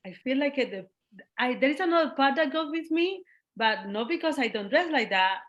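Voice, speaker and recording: In a muffled recording, a Cuban woman with a Cuban Spanish accent appears as a guest artist in a relaxed interview. She speaks fairly quickly in a high voice, laughs a lot, is animated and imitates the voices of people she quotes.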